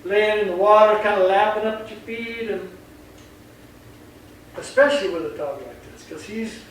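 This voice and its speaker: A dog trainer with a high-sitting voice explains things casually and animatedly at a moderate pace, often slipping into acted-out voices mid-sentence. The recording has an echoey room, a distant mic, and faint noise.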